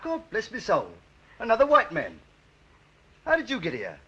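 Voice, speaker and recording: A brash lighthouse keeper, full of gruff wisecracks. His bright, husky voice swings up and down. The sound is muffled, like an old 1930s film soundtrack. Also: sits high, huge pitch swings, normal speed, full character voice. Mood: brusque. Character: brash cocky male London lighthouse keeper.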